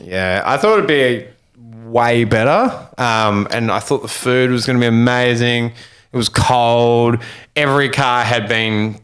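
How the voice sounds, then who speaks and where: A man's voice: mid-range voice, a little slow, fairly bright tone. A young man, chatting crudely and laughing often on a comedy podcast. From Australia. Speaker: podcast co-host. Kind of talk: casual comedy chat.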